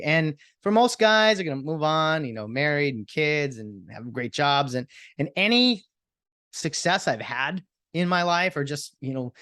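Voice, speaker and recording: A man's voice: mid-range voice, no echo, clean studio sound. A man in his thirties hosting his own podcast, talking in an earnest, rambling way with many restarts. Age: 30s. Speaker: podcast host. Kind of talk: casual solo podcast monologue.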